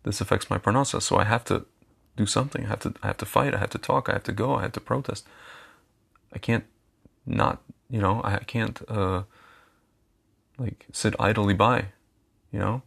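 A man's voice: fairly low pitch, steady tone, moderate pace, gravelly, long pauses, fairly bright tone. A man talking casually straight to his viewers as a commentator, chatty, repeating phrases and calling them his friends. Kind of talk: casual direct-to-camera monologue.

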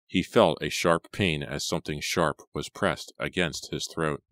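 A man reading a horror audiobook in a measured, steady narration. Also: a bass voice, no echo. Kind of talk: scripted narration.

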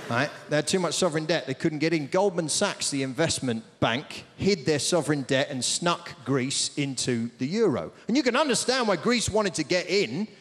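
Animated man doing stand-up in a big theatre. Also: on the high side, normal speed, few pauses, in a large hall. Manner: lively, rambling storytelling with asides to the crowd. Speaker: stand-up comedian. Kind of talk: stand-up comedy. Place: large theatre stage. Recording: big theatre with roaring audience.

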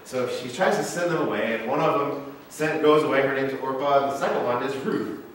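A man's voice: medium pitch, fairly quick, a little hiss or hum. A male pastor preaching a casual, conversational sermon as a playful storyteller. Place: church sanctuary. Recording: echoey sanctuary, mic from far off.

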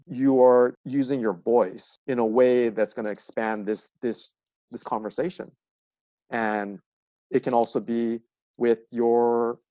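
A man's voice: medium pitch, mellow, dry recording. Guy coaching on a podcast, earnest, lots of examples, dry sound. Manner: earnest, explains with examples and acted-out asides. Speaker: trauma coach guest. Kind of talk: casual podcast conversation.

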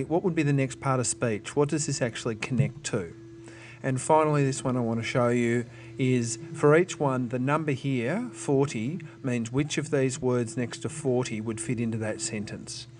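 A man's voice: medium pitch, a little hiss or hum. A man, a teacher patiently explaining test strategies to students and thinking aloud with small restarts.

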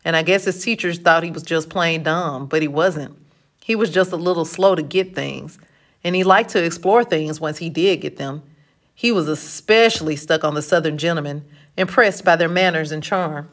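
Low-voiced woman narrating an audiobook. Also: moderate pace. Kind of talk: first-person novel narration.

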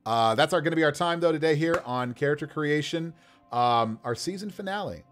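A man's voice: on the high side, animated, a little fast, a bit bright, faint music behind. A male host wrapping up a live stream show, chatty and friendly with many fillers.

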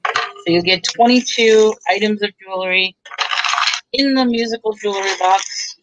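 A woman pitching bargains on a live stream in a chatty, bubbly way. Her voice is bright and forward, and she keeps talking up each deal as she shows the items. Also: normal speed, poor audio. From Texas. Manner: chatty, bubbly, pushes deals. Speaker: seller on a live online auction.

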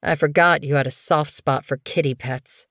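A woman's voice: sits low, a little slow, no echo, clean studio sound. A woman voicing a growling, menacing tom cat warrior. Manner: growling, commanding. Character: stern male cat warrior, harsh and menacing. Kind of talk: audiobook character voice.

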